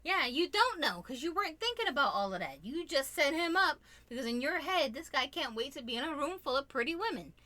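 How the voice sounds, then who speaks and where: Brief: woman in her thirties, co-host, high bright voice, blunt and opinionated commentary. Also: sing-song, fairly quick, few pauses, no echo. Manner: blunt, opinionated, scolding the viewer. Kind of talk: casual commentary chat.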